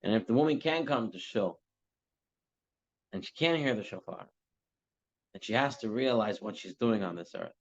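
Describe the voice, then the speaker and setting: A man teaching a religious class, telling a parable with lively, acted-out dialogue before drawing the lesson. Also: on the low side, normal speed, pauses often. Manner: animated storytelling, acting out characters' lines. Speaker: teacher giving a Torah class. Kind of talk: storytelling sermon. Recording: dull lo-fi class recording.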